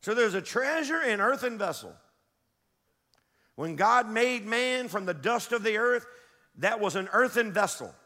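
A male pastor preaches with a high voice that carries, bright and forceful. He speaks in an emphatic but conversational way and turns often to the congregation. Long reverb from a large church hall trails behind each phrase. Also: animated, measured pace. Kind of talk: sermon. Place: church sanctuary.

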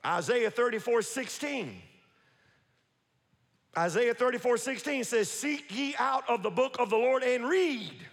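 A man preaching a sermon as pastor, building to shouts and repeating phrases, recorded in an echoey church hall. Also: very high-pitched, animated, unhurried. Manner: preaching with rising shouts and repetition. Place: church sanctuary. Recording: echoey hall with long reverb.

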